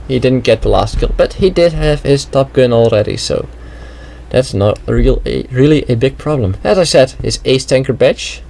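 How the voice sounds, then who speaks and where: A man's voice: medium pitch, vocal fry, a little mellow, low-quality recording. Casual man commenting on a game replay. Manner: casual, chatty, thinking aloud with many "well"s. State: slight throat trouble. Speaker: gameplay commentator.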